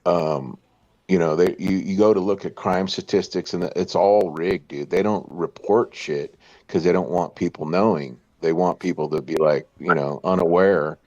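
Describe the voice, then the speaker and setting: A man's voice: low voice, fairly even intonation, moderate pace, darkish tone, no echo. A man in casual chat, laid-back, saying "dude" and "you know" often. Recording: dull dry lo-fi sound.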